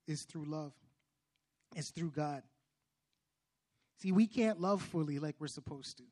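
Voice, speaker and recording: A young man giving an earnest testimony sermon, preacherly, with restarts and loud emphatic bursts. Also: high voice.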